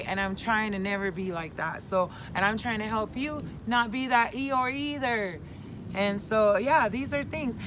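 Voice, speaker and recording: A middle-aged woman talking candidly and casually to the camera outdoors, sharing coping skills in an animated way and swearing now and then. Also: a little high, background noise.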